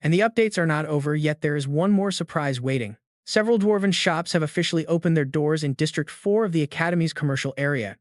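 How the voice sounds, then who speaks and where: A man narrating a fantasy comic recap in an even, steady scripted reading. His voice is slightly higher than most men's. The sound is close and completely dry. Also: fast, few pauses, no echo.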